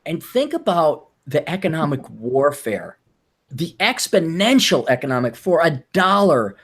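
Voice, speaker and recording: A man co-hosting a casual podcast chat, telling sardonic, profane stories and jumping into high mocking voices to quote people. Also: a little slow, slightly rough. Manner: animated storyteller, jumps into high mocking voices when quoting people. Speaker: podcast co-host.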